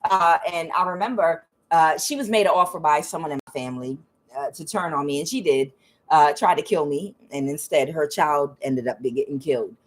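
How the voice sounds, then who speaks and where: Female tarot reader, lowish voice, casual and profane, storytelling with mimicked quotes. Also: brisk. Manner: frank and profane, with quoted asides in a higher voice. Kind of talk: casual spiritual reading and storytelling.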